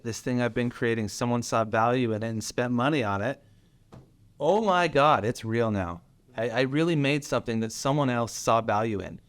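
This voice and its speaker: Sex: man. Pitch: middle. Role: podcast host and business owner. Style: casual conversation. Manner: animated, swears freely. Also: smooth, no room sound.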